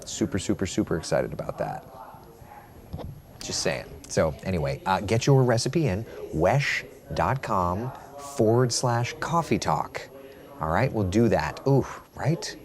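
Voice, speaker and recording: A man's voice: low voice, sing-song, a little slow. Chatty man hosting a weather chat. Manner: chatty, repeats phrases, reads viewer comments aloud. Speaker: TV meteorologist hosting a live stream. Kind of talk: casual live-stream chat and weather forecast.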